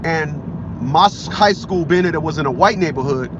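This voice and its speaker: A man in his fifties tells a long story from a car, rambling and circling back on his words. His voice sits a bit high. The sound is dull and muffled, with loud traffic noise. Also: normal speed. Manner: rambling, repeats himself, acts out quotes. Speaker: vlogger. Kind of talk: casual storytelling monologue.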